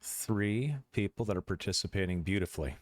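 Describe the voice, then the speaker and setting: Man, game master, low voice, playful teasing, dry close mic. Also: a little fast, no room sound. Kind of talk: casual stream chat.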